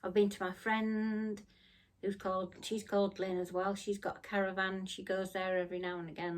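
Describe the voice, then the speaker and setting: A middle-aged woman chats in a casual crafting vlog, rambling from one thing to the next and apologising often. She sounds tired and keeps yawning. Her voice sits at a middle pitch. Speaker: crafting vlogger.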